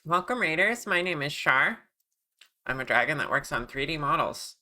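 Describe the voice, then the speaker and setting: A streamer chatting casually and warmly with viewers during a live modeling stream, laughing often. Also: mid-range voice, animated, normal speed.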